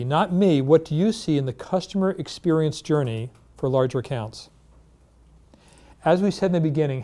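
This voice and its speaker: A man leading a workshop presentation in a meeting room, energetic, asking rhetorical questions and telling stories. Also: fairly high pitch. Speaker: insurance industry trainer.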